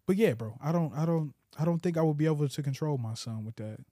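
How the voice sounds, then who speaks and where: A young man co-hosting a podcast, chatting loosely and profanely and telling animated stories. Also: on the high side, fast, no room sound, studio quality. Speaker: podcast co-host. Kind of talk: casual chat.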